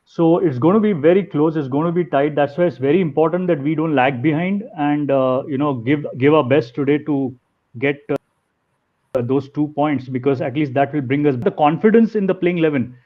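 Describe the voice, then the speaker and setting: A man's voice: on the high side, a little fast. A man, a fan guest talking earnestly and a bit hesitantly. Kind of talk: casual chat. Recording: muffled lo-fi call audio.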